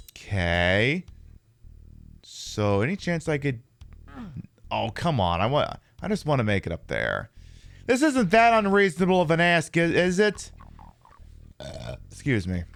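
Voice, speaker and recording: A man talks over his live game stream in a rather high voice. His pitch leaps up and drops back down as he jokes and curses at the monsters, with faint music underneath. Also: no echo. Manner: animated, jokey, swears at the game enemies. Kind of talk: live-streamed gameplay chat.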